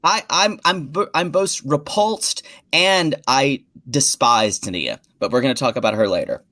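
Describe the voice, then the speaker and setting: A man co-hosting a casual podcast, chatty and catty, with quick asides. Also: mid-range voice, expressive, pushed and bright, no room sound, studio quality. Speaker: podcast co-host.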